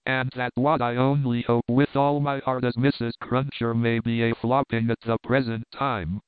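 A man's voice: mid-range voice, little pitch movement, dry recording, lightly acted. A man doing a solemn, preachy working-class servant. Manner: slow, preachy, rough dialect speech. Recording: dry, phone-like narrow sound.

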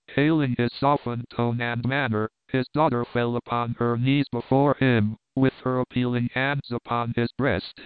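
A man narrating a classic novel in a steady, measured storytelling manner. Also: medium pitch, smooth, dry recording. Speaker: audiobook narrator. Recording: dry tinny phone-like sound.

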